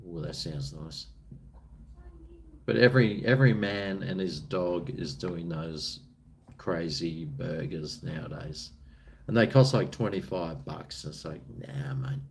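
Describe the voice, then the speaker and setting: Australian male streamer, unhurried drawl, relaxed crude banter with chat. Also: low voice, creaky, a little hiss or hum. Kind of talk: casual live-stream chat.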